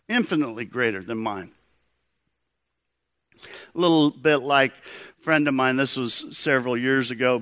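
Earnest preacher guy telling a story, bright voice, dry close sound. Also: fairly high pitch, no room sound. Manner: earnest, storytelling, addresses listeners as friends. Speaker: pastor. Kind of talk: sermon.

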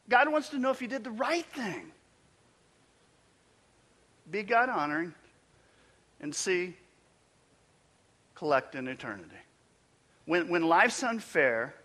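A male pastor with a slightly high voice preaches emphatically, building to loud peaks before dropping nearly to a whisper. The sound carries the echo of a big room.

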